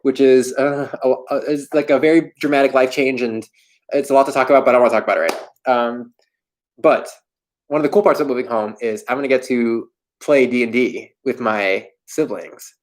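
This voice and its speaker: A man's voice: mid-range voice, a little fast, a little mellow. A young man from Florida hosting a livestream, answering viewer questions in a candid, self-deprecating, rambling way. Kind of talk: casual livestream chat. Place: home in New York.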